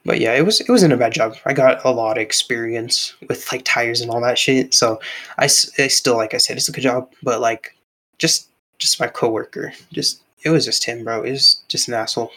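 A man's voice: medium pitch, moderate pace, pushed and bright, poor audio. Young man rambling, full of filler words. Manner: rambling, filler-heavy storytelling, says bro a lot. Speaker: podcast co-host. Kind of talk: casual chat. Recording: laggy online call.

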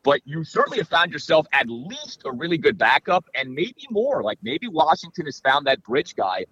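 Male guest analyst, chatty and lively, dry and slightly muffled recording. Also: on the high side, moderate pace, husky. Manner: animated, analytical, many fillers. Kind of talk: casual podcast chat.

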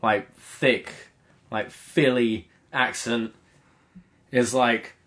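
A man co-hosting a podcast, chatting in a relaxed, easy way. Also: medium pitch, extremely slow. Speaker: podcast co-host. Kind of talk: casual chat.

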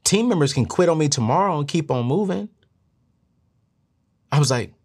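A middle-aged man hosting a show and giving money advice in an earnest, preachy way that climbs higher when he presses a point. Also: animated, brisk, long pauses, a little mellow. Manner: earnest, preachy, rises in pitch when emphatic. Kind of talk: motivational talk to camera.

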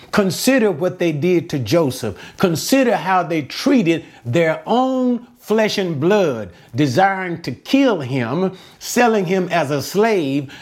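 A man giving Bible commentary in a slightly raised voice that rises and falls widely. He speaks slowly and with emphasis, putting rhetorical questions to his listeners and sometimes repeating a word while he finds the next thought. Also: a little high, darkish tone. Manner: repeats words while searching. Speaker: Bible teacher.

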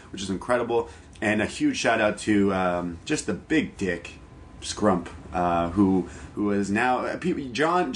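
A man's voice: fairly low pitch, a little hiss or hum. A man from Canada co-hosting a podcast, chatting casually and rambling cheerfully, laughing often. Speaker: podcast co-host. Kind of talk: casual chat.

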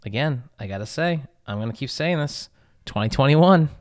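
A man hosts a comedy podcast from home over a remote call, asking absurd questions with a straight, deadpan delivery. His voice sits at a middle pitch and sounds dry and close, with no room behind it. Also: moderate pace, no room sound. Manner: deadpan, mock-serious questioning. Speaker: podcast host.

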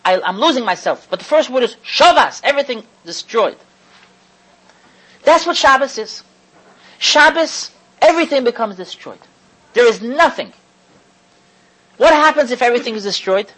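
A woman teaching a religious lecture to an audience, stressing key words slowly and often restarting phrases as she thinks aloud. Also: a little high, lively intonation, fairly bright tone, low-quality recording. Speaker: Torah lecturer.

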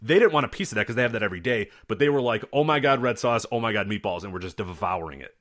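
Podcast co-host, male, quick and lively, acts out voices in his stories. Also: on the low side. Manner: animated storyteller, acts out voices in anecdotes. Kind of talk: casual chat.

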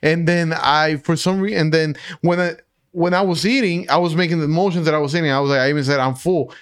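A young man from the Dominican Republic, a podcast co-host telling a rambling, animated story full of fillers. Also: on the high side, quick pace, clean tone, no room sound, studio quality. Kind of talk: casual storytelling chat.

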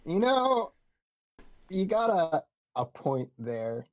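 A man's voice: high-pitched, big pitch swings, takes it slowly, dry recording, muffled recording. A man playing a tabletop role-playing game, rambling in character with hesitant, dry humor. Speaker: player.

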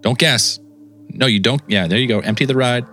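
A man's voice: mid-range voice, a little fast, bright, forceful tone, faint music behind. A man hosting a call-in podcast, talking casually and swearing now and then. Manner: laid-back, swears casually. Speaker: podcast host taking calls.

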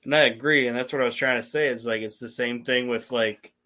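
A man hosting a wrestling podcast, chatting casually, swearing a lot and rambling excitedly with many restarts. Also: mid-range voice, brisk, no echo. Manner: profane, enthusiastic, rambling with restarts. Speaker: podcast host.

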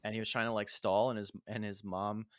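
A man's voice: on the low side, flat delivery, fairly quick, dry recording. Man, dry close sound, emphatic, casual gaming podcast talk. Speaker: podcast co-host.

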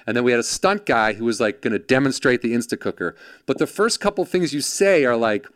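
A man's voice: medium pitch, lively intonation, brisk, a bit bright, no echo, clean studio sound. A man telling a story in casual chat, acting out quoted voices, swearing freely and jumping between characters. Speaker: podcast guest, former production assistant.

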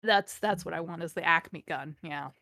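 A woman's voice: on the low side, normal speed, pushed and bright, no echo, studio quality. A woman podcast host reading a fanfic aloud with amused, sarcastic commentary. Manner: amused, sarcastic, laughs often.

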